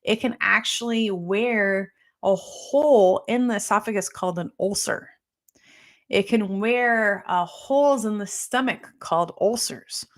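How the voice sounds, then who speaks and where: A middle-aged woman health practitioner talks her viewers through their questions in a loose, conversational way. She keeps checking in with a quick "right?" as she goes. Her nose is running slightly. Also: medium pitch. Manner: casual, conversational, tags points with "right?". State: runny nose. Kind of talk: live Q&A talk answering viewer questions.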